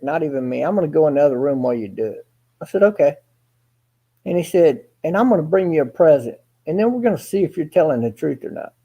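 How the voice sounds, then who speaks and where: A man's voice: on the high side, gravelly, breathy edge, muffled recording. A man telling a long personal story in a casual, rambling, folksy way, swearing now and then and acting out each line of dialogue. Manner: rambling, folksy, profane, acts out quoted dialogue. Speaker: guest storyteller.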